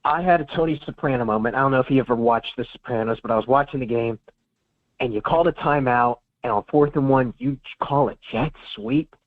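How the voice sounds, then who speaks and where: A man's voice: mid-range voice, brisk. Ranting man on a tinny phone line. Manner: heated, profane ranting. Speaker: podcast co-host. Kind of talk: casual sports talk.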